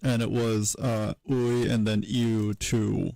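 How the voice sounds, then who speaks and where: Slow, gravelly man thinking aloud. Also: fairly low pitch, level tone, dark tone, dry recording, low-quality recording. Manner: halting, many fillers and self-corrections. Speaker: streamer teaching historical linguistics. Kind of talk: casual livestream tutorial, thinking aloud.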